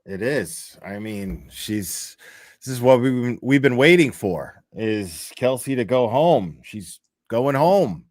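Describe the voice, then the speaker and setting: A man's voice: medium pitch, expressive, slow, a little mellow, no echo, clean studio sound. A man co-hosting a podcast in casual chat, answering briefly with hesitant fillers.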